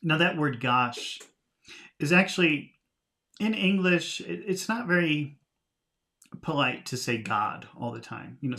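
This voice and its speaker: A man's voice: mid-range voice, bright, forceful tone. A man teaching English, reading a storybook aloud and patiently explaining its words with small laughs, streaming live from home.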